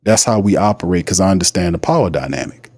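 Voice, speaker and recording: A man's voice: deep voice, expressive, quick pace, a little mellow, breathy edge, no echo, clean studio sound. A man hosting a sports livestream, ranting in a heated, repetitive way. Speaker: sports podcast host. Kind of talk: casual livestream commentary.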